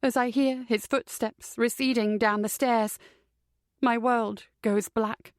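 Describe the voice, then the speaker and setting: A woman's voice: a little high, steady tone, slow pace, dry recording, clean studio sound. A woman narrating a first-person psychological thriller audiobook in a tense, dramatic way.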